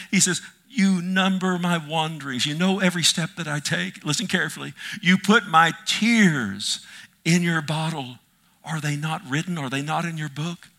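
A middle-aged male preacher delivering an impassioned sermon, swinging from loud cries to hushed near-whispers. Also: on the high side.

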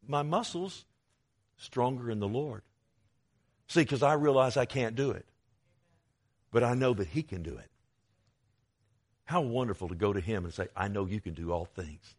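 A man's voice: medium pitch, expressive, moderate pace, pauses often, slightly rough. A man preaching a sermon to his church, quoting scripture aloud with swells of volume and sudden drops. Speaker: pastor.

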